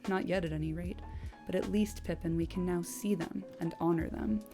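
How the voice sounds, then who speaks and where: A woman's voice: lowish voice, steady tone, normal speed, music in the background, natural voice. A woman reading the part of a thoughtful young male hobbit, earnest and reflective.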